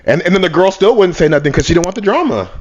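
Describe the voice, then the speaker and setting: A young man co-hosting a casual podcast, telling lively stories and acting out what people said. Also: high-pitched, quick pace, a little hiss or hum. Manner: animated storytelling, acts out quotes. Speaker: podcast co-host. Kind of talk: casual chat. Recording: muffled, dull sound.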